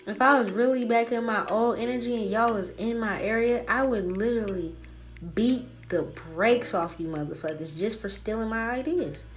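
A woman's voice: a little high, moderate pace, soft background music. Brash, profane woman ranting on a podcast. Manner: brash, profane, trash-talking. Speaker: spiritual podcast host. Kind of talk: casual solo podcast rant.

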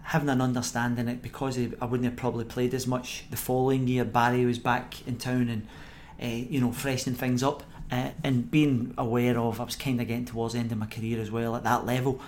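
Scottish guy, middle-aged, ex-footballer spinning yarns on a podcast, laughs a lot, normal pitch. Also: fairly quick, few pauses, slight background noise. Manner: animated anecdote-telling, acts out quoted voices, laughs often. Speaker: former footballer guest. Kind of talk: podcast interview storytelling.

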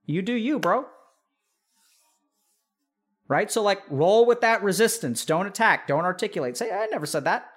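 A man hosting a podcast, giving casual advice in an animated way, peppered with "like" and "right?" and acting out what imagined relatives would say. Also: high-pitched, fairly quick. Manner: animated, acts out imagined family members mid-sentence; frequent fillers "like" and "right?".

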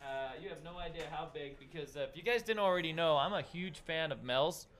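A man hosting a casual stream, excitable and rambling, calling people "dude". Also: fairly high pitch, fairly quick. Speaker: host. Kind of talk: casual livestream chat.

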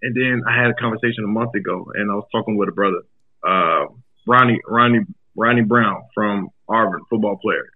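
Husky comedian guy, earnest, stammers a lot, sounds tinny like a phone. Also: lowish voice, fairly quick. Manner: earnest, stammers and repeats words. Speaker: guest, comedian. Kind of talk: casual chat.

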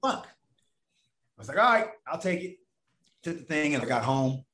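In a reverberant space, a man with a voice on the high side tells a long personal story at a measured pace. His talk is casual, animated and profane, and he acts out the voices of the people in it.

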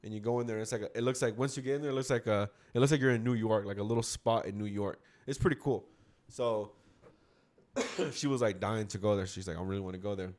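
A man's voice: lowish voice, quick pace, darkish tone. A man telling a rambling, slangy story in a casual chat with friends. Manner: rambling, slangy, quotes others mid-story.

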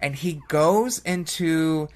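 A woman's voice: sits low, slow pace, darkish tone, a little hiss or hum. A woman chatting casually in a film review podcast, swearing freely and acting out quotes.

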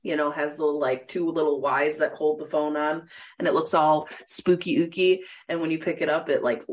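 A young adult woman co-hosting a podcast in casual chat, laughing often and jumping up in pitch when excited. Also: normal speed. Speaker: podcast co-host.

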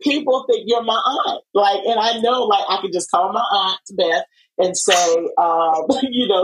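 A woman hosting a podcast, chatting in a casual interview with an animated, laughing manner and many fillers and restarts. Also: mid-range voice, a little slow, poor audio. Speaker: podcast host.

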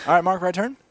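A man's voice: mid-range voice, no room sound. A young man co-hosting a podcast, joking, swearing and bantering casually. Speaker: podcast co-host. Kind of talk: casual chat. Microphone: podcast microphone.

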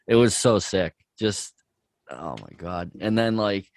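A man with a very low voice, chatting laid-back on a podcast and gushing with lots of filler words. The sound is dry and close, with no room around it. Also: lively intonation, a little slow, a little mellow, no echo. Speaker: podcast co-host. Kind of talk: casual chat.

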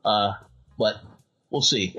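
A man's voice: on the low side, slow pace, bright, forceful tone, slightly rough, dull audio, faint music behind. A man hosting a casual podcast chat, stammering on repeated words and hedging as he talks. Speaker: podcast host.

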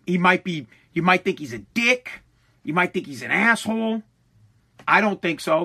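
A man from the United States rants at his followers in a high, bright and forceful voice. He swears freely and trips over his words as he goes, repeating himself and starting sentences again. His tone is impassioned throughout. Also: breathy edge. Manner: profane, impassioned, frequent restarts and stammers. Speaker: online commentator. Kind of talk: heated political rant to followers.

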